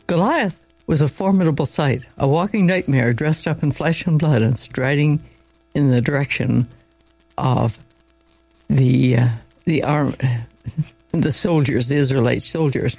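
A man's voice: on the high side, unhurried, vocal fry, darkish tone, faint music behind, low-quality recording. A man reading a Bible story aloud in an informal way, with small slips and asides along the way.

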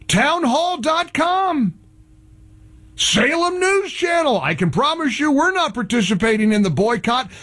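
High, animated sarcastic male radio host. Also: breathy edge. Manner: heavily sarcastic, mocking. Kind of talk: political commentary monologue.

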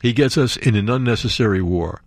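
A man's voice: mid-range voice, fairly quick, no room sound, studio quality. A man hosting a commentary show, reading news stories aloud and breaking in with sarcastic asides and jokes.

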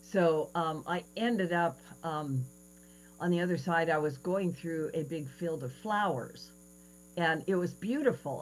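A woman in her sixties hosting a radio talk show, telling a story with lively quoted voices, over a faint hiss. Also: sits low, measured pace, rough recording. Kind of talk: casual interview chat.

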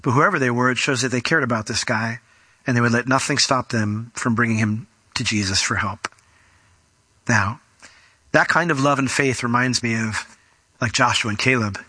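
Bright, animated male preacher. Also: medium pitch, moderate pace, breathy edge, no echo. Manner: conversational, animated, acts out scenes. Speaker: pastor. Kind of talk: sermon with storytelling.

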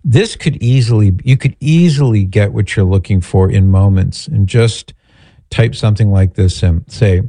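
A man's voice: lowish voice, moderate pace, vocal fry, dark tone, no echo. A man hosting a call-in radio show, chatting in a folksy way and joking with his producer. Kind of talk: casual call-in radio talk.

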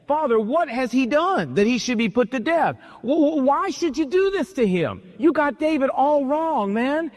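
A man's voice: extremely high pitch, expressive, moderate pace, hardly any pauses, long reverb tail, voice pushed up. A man voicing a young prince who stammers as he pleads with his father. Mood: pleading.

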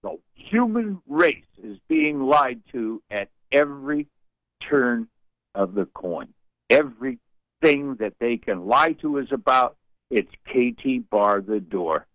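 An older man calling in to a radio show, talking in a folksy, rambling, wry way and clearing his throat from allergies. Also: medium pitch, very animated, slow, a bit bright, dry recording, lo-fi sound. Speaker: radio caller. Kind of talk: call-in radio chat.

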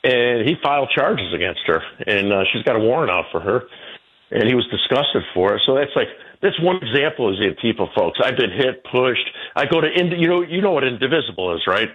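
A man's voice: big pitch swings, brisk, husky. Rambling older man on muffled radio. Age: 60s. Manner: rambling, repeats words, quotes people in a high voice. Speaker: radio show guest. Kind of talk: casual radio conversation.

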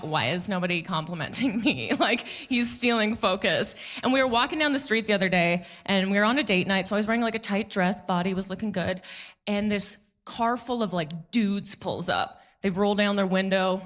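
A woman in her thirties doing a stand-up comedy set on a club stage, animated and jokey, acting out the voices of people in her stories. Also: mid-range voice, a little fast.

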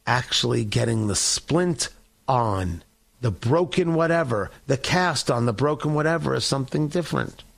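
A man's voice: mid-range voice, expressive, moderate pace, vocal fry. A man hosting a political talk show, delivering an opinionated monologue in a sarcastic, combative, mocking way.

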